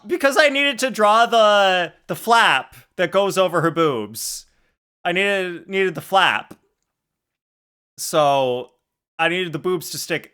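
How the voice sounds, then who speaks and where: A man's voice: on the high side, sharp tone. A young man streaming live, reading chat aloud and joking about his drawings with crude humor and frequent laughter.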